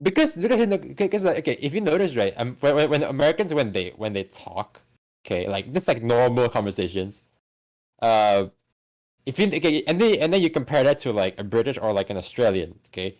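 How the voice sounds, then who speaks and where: A man co-hosting a casual movie podcast, talking in animated bursts full of stammered restarts and swearing. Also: medium pitch, fairly quick. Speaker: podcast co-host. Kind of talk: casual chat.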